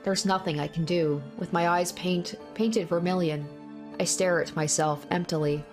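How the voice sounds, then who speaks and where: With music in the background, a woman reads a visual novel's bleak, looping inner monologue in which a young man recounts his own bloody fight. Her lowish voice is steady, at normal speed, and close to how she'd normally talk.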